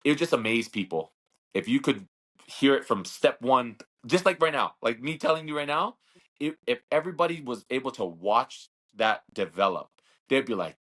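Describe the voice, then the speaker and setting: At normal speed and with lively intonation, a thirtysomething slap fighter from Hawaii spins a long, rambling story as an interview guest in a casual setting. His mid-range voice is a bit bright, and he repeats words and acts out quoted dialogue.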